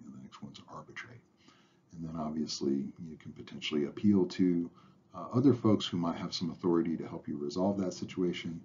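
Low, husky lecturer full of "uh"s. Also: male voice. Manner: relaxed, lots of "uh" fillers, trails off softly at phrase ends. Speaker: instructor. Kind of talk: narrated lecture slides. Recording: dull lo-fi recording.

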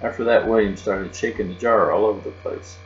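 Guy reading a kids' book out loud, kinda low voice, echoey muffled room with a hum. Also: fairly quick. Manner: reads in a child's first-person voice, lively and expressive. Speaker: reader. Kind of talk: storybook read-aloud. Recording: muffled, roomy recording with mains hum.

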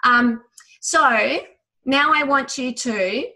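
Bright-voiced woman leading a memory exercise. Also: high-pitched. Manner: quick, enthusiastic talker who tries to slow down; chatty, with many fillers. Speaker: memory trainer. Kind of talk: guided visualization lesson. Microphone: video call.

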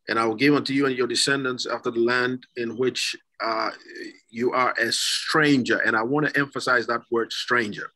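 A man's voice: medium pitch, sharp tone, rough recording. A man hosting a church talk show, reading scripture aloud and then putting a question to his guest. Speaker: host.

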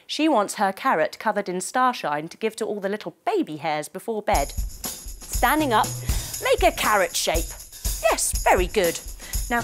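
Animated woman leading kids yoga. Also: on the high side. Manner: animated, encouraging, sound effects. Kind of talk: guided yoga storytelling for children.

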